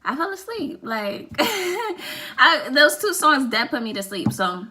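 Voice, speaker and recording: Animated, bright-voiced woman vlogger. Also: high voice, takes it slowly. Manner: animated, emphatic, repeats lines for effect, swears casually. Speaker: vlogger reviewing music. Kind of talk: casual opinionated vlog.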